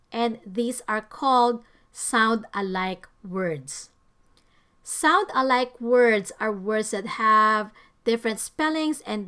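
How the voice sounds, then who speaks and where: A woman with a fairly high voice reads a scripted vocabulary lesson. She speaks carefully and deliberately, leaning on each example word as she defines it. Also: fairly bright tone. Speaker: English teacher.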